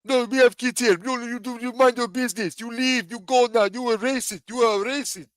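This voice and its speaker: A man mocking a defensive man who shouts questioners away in short clipped phrases. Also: extremely high pitch, fairly even intonation, fairly quick, no echo, studio quality, pitched above the performer's own voice. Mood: shrill, hostile.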